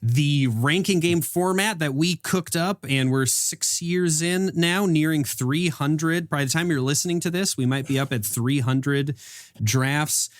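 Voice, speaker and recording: A man's voice: fairly high pitch, unhurried, no echo, studio quality. A man talking as a podcast guest in casual chat, rambling eagerly as he plugs his own show. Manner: rambling, eager promo talk.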